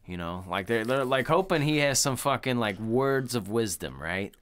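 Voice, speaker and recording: Lively, rambling podcast guy. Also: medium pitch, normal speed, clear, resonant tone. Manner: rambling and profane, full of "like" and "you know". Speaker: podcast co-host. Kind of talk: casual chat.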